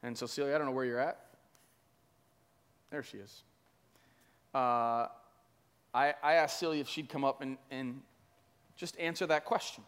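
A man's voice: mid-range voice, steady tone, moderate pace, pauses often, fairly bright tone, clear, resonant tone. A man preaching as a pastor, telling a story conversationally with many fillers. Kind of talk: sermon storytelling. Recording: long hall reverb.

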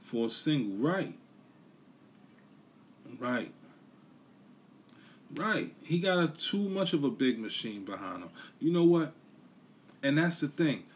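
A man's voice: fairly high pitch, sing-song, takes it slowly, pauses often, a little hiss or hum. A man hosting his own podcast, ranting bluntly and profanely in casual solo commentary, repeating his points for emphasis. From New York City. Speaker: podcast host.

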